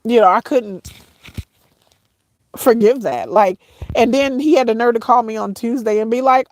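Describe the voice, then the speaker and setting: A middle-aged woman talks straight to her viewers, halting and circling back on her words as tears press at her voice. Her tone sits a touch high, and the recording is close and dry with no room sound. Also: animated, a little mellow, dry recording. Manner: halting, repeats herself, addresses viewers as y'all. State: tearful, voice breaking at times. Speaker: vlogger. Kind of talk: emotional personal storytelling to viewers.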